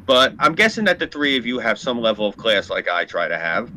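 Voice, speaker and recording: A man's voice: lowish voice, big pitch swings, fairly quick, pushed and bright, a little hiss or hum. A man in casual podcast chat, telling a profane, heated story and acting out what people said.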